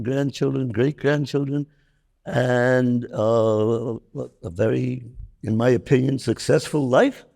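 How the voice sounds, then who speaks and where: A man in his nineties, a veteran guest telling his story on stage, halting with frequent restarts. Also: medium pitch, vocal fry, warm tone. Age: 90s.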